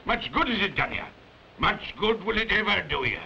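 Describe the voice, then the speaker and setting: An actor with a British accent playing a mean, cold old miser who scolds in curt, sneering, clipped phrases. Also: male voice, high voice, very animated, moderate pace, gravelly, pushed and bright, a little hiss or hum, full character voice. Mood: scornful. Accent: British English. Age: older. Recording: dull 1930s film soundtrack with music.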